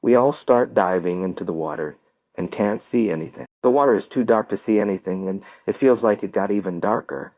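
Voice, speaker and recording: A man reading a first-person story aloud as an audiobook narrator, telling it in a steady storytelling manner. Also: on the low side, brisk, dry recording. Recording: tinny phone-like dry sound.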